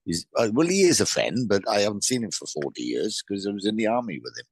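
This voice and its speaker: A man's voice: on the low side, sing-song, quick pace, husky, dry recording. A South Welsh man in his fifties, giving a live mediumship reading in a friendly, chatty way, often stammering and restarting his sentences. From South Wales.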